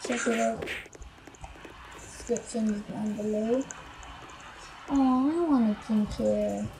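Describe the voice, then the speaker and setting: A woman giving casual gameplay commentary, excitable and quick to protest out loud. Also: on the high side, background noise. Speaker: gamer.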